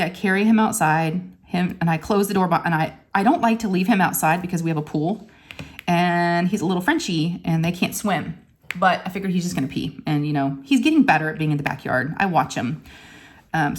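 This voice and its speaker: A woman vlogger telling a story in a chatty, animated way, full of "I'm like" asides. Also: mid-range voice. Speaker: crafting vlogger. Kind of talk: casual storytelling vlog.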